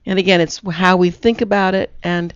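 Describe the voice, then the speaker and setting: Chatting casually with a guest on her internet radio talk show, a woman tells stories and voices the quotes herself. She speaks a little fast in a smooth, fairly low voice with little pitch movement, and the recording has no echo but a dull lo-fi quality.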